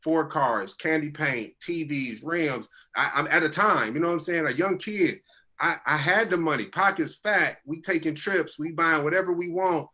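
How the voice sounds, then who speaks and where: A man's voice: on the high side, moderate pace, bright, forceful tone. A man in his thirties earnestly telling a personal story in casual conversation, growing teary-eyed as he speaks. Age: 30s. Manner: earnest, conversational, drops into quoted voices.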